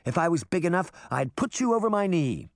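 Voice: mid-range voice, sing-song, brisk, no echo, clean studio sound, pitched above the performer's own voice. A man voicing a whining, sarcastic boy who acts like a pompous grown-up. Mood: indignant. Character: whiny, pompous boy who claims to be an adult.

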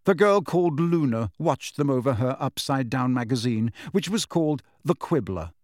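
In clean studio audio with no room sound, a medium-pitched man narrates a novel as an audiobook, reading the script in a steady, measured storytelling manner.

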